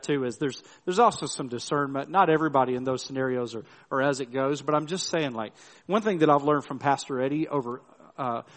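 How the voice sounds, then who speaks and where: A man's voice: fairly high pitch, in a large hall. A middle-aged male pastor giving a sermon in a loose, storytelling way, with restarts and frequent tag questions.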